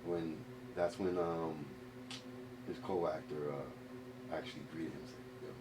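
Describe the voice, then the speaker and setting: A man hosting a podcast, a father, talking casually and sometimes pausing to search for words. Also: very deep voice, fairly even intonation, heavy background noise. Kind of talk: casual chat.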